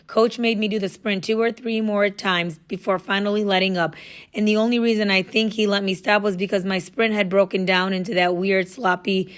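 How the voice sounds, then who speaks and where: A woman reading a first-person story aloud in a casual, lively storytelling manner. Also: mid-range voice, normal speed. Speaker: audiobook narrator.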